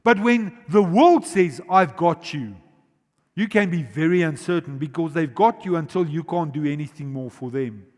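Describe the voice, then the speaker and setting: A man preaches from a church stage in a high, carrying voice that rings in a long hall echo. He climbs to loud, urgent peaks, then sinks into quiet, stretched-out words. He keeps putting questions straight to the congregation. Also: lively intonation. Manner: swings between loud urgent emphasis and quiet, slow, drawn-out words; asks the congregation questions directly. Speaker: pastor. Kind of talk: sermon. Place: large church auditorium.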